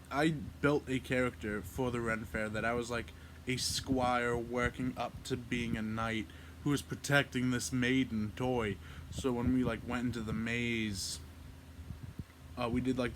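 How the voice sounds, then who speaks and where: A man's voice: medium pitch, slight background noise. A young man vlogging, telling a story casually and acting out quotes in a mock-medieval voice.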